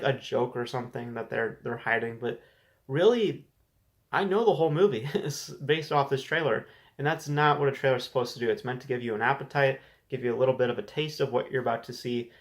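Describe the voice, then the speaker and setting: A man's voice: medium pitch, a little fast. Male host for a casual movie news show, mid-range voice, candid and talkative, prone to restarts. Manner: conversational, repeats and restarts words, frank opinions. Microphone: desk camera setup.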